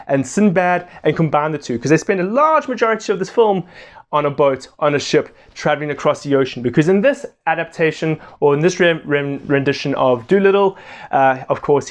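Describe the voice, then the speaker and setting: In a laid-back video film review, a young man chats with excitable energy and frequently bursts out laughing. His voice sits slightly above the typical male range.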